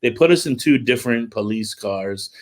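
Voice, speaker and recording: A middle-aged man, a music promoter, casually telling an animated story on a livestream call, with lots of filler words. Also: medium pitch, moderate pace.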